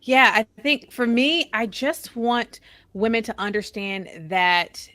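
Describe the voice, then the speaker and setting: A woman with a bright, forward voice talks as a podcast guest, earnest and emphatic, often repeating words to drive a point home. The sound is dry and close, with no room around it. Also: a little high, expressive, slow pace, no room sound. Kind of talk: casual podcast conversation.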